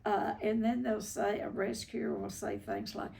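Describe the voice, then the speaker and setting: An older woman hosting a recovery talk, teaching about codependency in a slow, folksy way over a video call. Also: mid-range voice, vocal fry, dark tone, slight background noise. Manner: slow, folksy, repeats herself.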